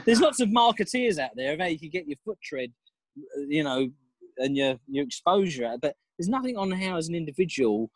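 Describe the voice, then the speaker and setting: Husky dad on a podcast. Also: male voice, a little high, sing-song, moderate pace, dry recording, rough recording. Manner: reflective, laughing, hesitant restarts. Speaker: podcast guest, father. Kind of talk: casual interview chat.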